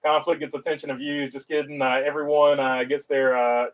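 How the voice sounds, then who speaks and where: A man's voice: medium pitch, level tone, fairly quick, distant mic, low-quality recording. A man with a North Carolina Southern accent hosting a casual livestream, reading viewer chat aloud and rambling with lots of filler uhs.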